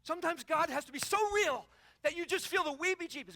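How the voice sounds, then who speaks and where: Talking fast in an extremely high voice, this middle-aged conference speaker gives an impassioned sermon in a conference hall, animating his stories by acting out the cries.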